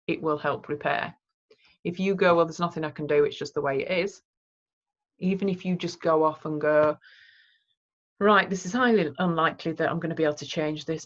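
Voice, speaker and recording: A woman's voice: lowish voice, lo-fi sound. A woman giving a training talk, conversational and acting out example phrases she would say to people.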